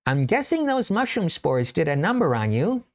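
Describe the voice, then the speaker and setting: Storybook familiar: tiny male mouse, high and lively voice, softly concerned; a man puts him on. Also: moderate pace. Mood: caring. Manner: concerned, gently helpful.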